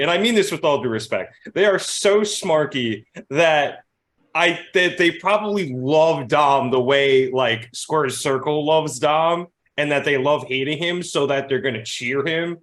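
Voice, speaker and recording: A man co-hosting a casual podcast, animated and quick to laugh, swearing casually. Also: a little high. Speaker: podcast co-host. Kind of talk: casual chat.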